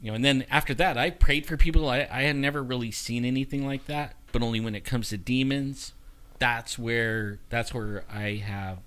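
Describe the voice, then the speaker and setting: A man's voice: medium pitch, moderate pace. Man telling a story, acting out dialogue. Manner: animated, acts out dialogue with many "you know" fillers. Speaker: guest. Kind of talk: casual storytelling.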